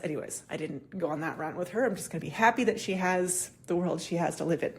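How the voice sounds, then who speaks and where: Lively swearing woman on a casual podcast. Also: on the low side, quick pace, few pauses. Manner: animated, swears freely, acts out quoted dialogue. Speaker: podcast host. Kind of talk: casual solo podcast talk.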